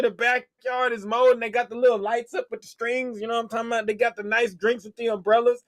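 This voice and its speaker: A man's voice: very high-pitched, level tone, quick pace, hardly any pauses. A man hosting a sports podcast, ranting casually in a heated, profane way. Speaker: podcast host. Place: podcast studio.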